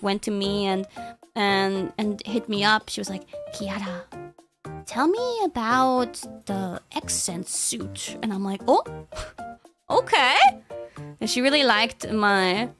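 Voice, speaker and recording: A woman's voice: fairly high pitch, pushed and bright. A young woman streamer in casual chat, rambling with lots of fillers and frequent giggles.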